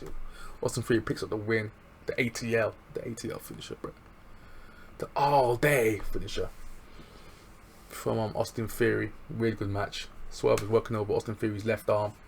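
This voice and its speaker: Gravelly low-voiced man, excitable. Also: normal speed, a little hiss or hum. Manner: excitable, slangy, chuckling. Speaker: wrestling show reviewer. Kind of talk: casual recap chat.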